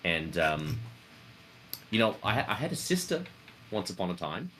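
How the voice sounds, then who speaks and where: Low-voiced guy doing an aussie accent for his tabletop character, rambly, lots of "mate". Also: sing-song, normal speed, a bit bright, slight background noise. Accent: Australian, put on for his character. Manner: rambling, full of fillers and "mate". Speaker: tabletop player. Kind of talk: in-character roleplay storytelling.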